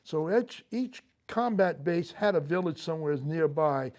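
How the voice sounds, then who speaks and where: An older man, a Marine veteran, recounting his memories in a TV interview, speaking haltingly with frequent fillers and restarts. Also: fairly high pitch, animated, darkish tone. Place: local TV studio.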